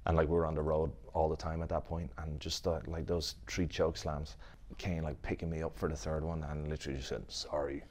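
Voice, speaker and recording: Deep-voiced Irish man chatting. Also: fairly quick, slight background noise. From Ireland. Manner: relaxed, laughs often, many fillers. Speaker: guest wrestler. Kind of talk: casual interview chat.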